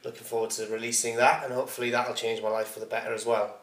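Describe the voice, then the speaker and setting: A young adult man with a Welsh accent, bantering on a comedy podcast in a dry, deadpan way. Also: mid-range voice, fast talker. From Northwest Wales. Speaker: podcast co-host. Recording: echoey room, off-mic.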